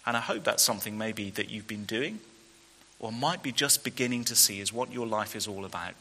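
A man's voice: lowish voice, fairly quick, pushed and bright. Earnest male preacher in a reverberant hall. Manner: earnest, asks rhetorical questions. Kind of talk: sermon.

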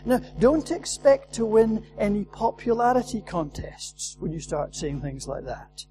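Slow, high-voiced male preacher. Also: sing-song, dark tone, a little hiss or hum, poor audio. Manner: earnest, emphatic, repeats key phrases. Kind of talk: sermon.

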